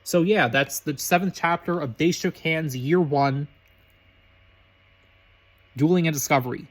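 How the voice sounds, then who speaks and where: A man reading a story aloud briskly, with slips and restarts. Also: fairly high pitch. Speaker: reader of fan fiction.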